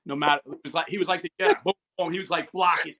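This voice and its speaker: A man's voice: a little high, fairly even intonation, racing, pushed and bright. A man tells stories in a casual interview and acts out the quoted dialogue. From New Jersey. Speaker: guest, YouTuber. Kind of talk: casual storytelling.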